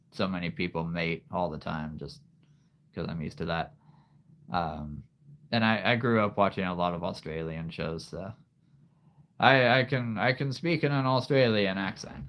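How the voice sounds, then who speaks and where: A man's voice: deep voice, fairly bright tone. A man hosting a casual livestream, rambling to his viewers with many fillers and frequent laughs. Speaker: livestream host.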